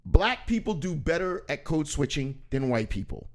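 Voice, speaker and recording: A man hosting a casual talk show, with a fairly high voice for a man. He tells stories in an animated way, slips into quoted voices and laughs along. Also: moderate pace. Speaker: podcast host. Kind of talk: casual conversational storytelling.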